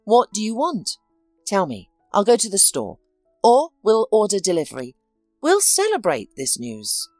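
A caring, upbeat male friend, as a woman reads him out, coaxing and warm in a lively, swinging voice. The sound is dry and close with soft music under it. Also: medium pitch, a little slow, no echo. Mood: encouraging.

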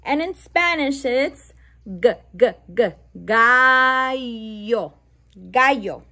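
A woman with a high, expressive voice and a sharp tone reads to toddlers from a bilingual picture book. She sounds out letters slowly, one at a time, and adds fun animal noises.

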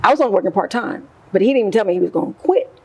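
A middle-aged woman, a guest in an interview, recounting her past in an emotional, animated way and acting out what people said. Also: mid-range voice, rapid-fire, husky, rough recording. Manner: emotional, animated retelling with quoted voices. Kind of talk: personal story in an interview.

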